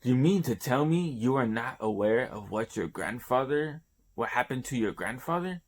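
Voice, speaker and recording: A man's voice: mid-range voice, expressive, moderate pace, close to an everyday voice. A man voicing a creepy old woman who makes cryptic, ominous pronouncements.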